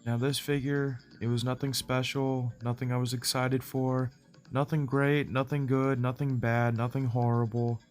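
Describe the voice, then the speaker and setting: A man's voice: mid-range voice, little pitch movement, normal speed, faint music behind. A man with a plugged nose and a nasal voice, chatting casually through a toy review video. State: stuffy nose.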